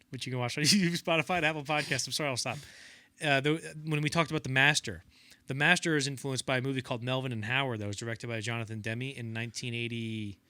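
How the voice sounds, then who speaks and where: Young male podcast co-host. Bright, lively storyteller, dry sound. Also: mid-range voice, clear, resonant tone, no echo. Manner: animated storyteller acting out quotes in voices. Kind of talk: casual film-history chat.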